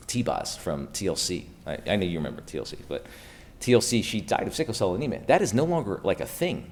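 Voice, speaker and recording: A man from Pennsylvania with a low voice gives a casual, upbeat conference keynote to a live audience in a room, tossing rhetorical questions at the crowd. A little hiss or hum can be heard.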